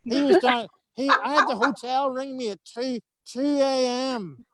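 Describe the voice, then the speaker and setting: High-pitched Belfast man with a deadpan wit. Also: measured pace, dry recording. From Northern Ireland. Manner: deadpan, sarcastic humour. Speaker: tour guide. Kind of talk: anecdotal storytelling on a video call. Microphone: video call.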